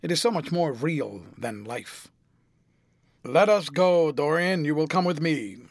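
A man's voice: fairly high pitch, expressive, a little slow, no room sound, clean studio sound. A man playing a languid, cynical aristocrat. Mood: lively. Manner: drawling epigrams, airy and amused.

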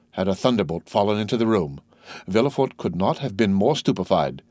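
A man narrating a classic novel as an audiobook reader, with a steady, even reading. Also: fairly low pitch, fairly quick, dry recording, studio quality. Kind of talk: scripted narration.

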